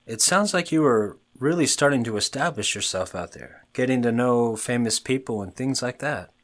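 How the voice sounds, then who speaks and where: A man hosting a talk show, asking his guest interview questions in a steady, measured way. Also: mid-range voice. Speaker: host.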